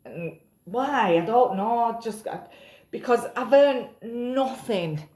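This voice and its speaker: A woman's voice: a little high, lively intonation, slow pace, roomy sound, heavy background noise. Tired, chatty woman rambling. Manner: chatty, rambling, swears casually, self-mocking. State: tired after a night up. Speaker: vlogger. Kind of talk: rambling casual vlog monologue.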